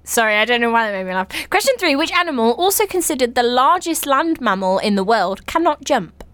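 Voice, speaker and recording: High, lively young woman quizzing a friend. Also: fairly quick, no echo. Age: young adult. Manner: giggly, breaks into fits of laughter. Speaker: podcast co-host. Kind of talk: casual chat, reading quiz questions.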